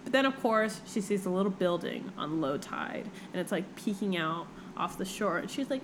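Animated, swearing young woman chatting. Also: medium pitch, a little hiss or hum, poor audio. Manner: animated, swears freely, acts out characters in quick voices. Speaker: podcast co-host. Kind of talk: casual book-discussion chat.

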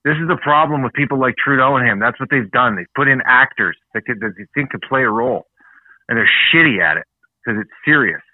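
Brief: Canadian man, blunt and profane co-host, mid-pitched voice, dry and tinny phone-like sound. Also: fast talker, dry recording. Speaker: podcast co-host. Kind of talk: casual chat.

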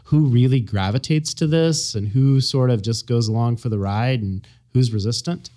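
A man's voice: medium pitch, normal speed, warm tone. A man with an American Midwestern accent hosting a podcast and asking long, thoughtful questions. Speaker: podcast host. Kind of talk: interview questions.

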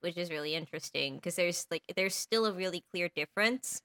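A woman's voice: lowish voice, brisk, pushed and bright, dry recording. Woman, podcast chat, dry close sound, enthusiastic. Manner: enthusiastic, laughs often. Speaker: podcast cast member. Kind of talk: casual chat.

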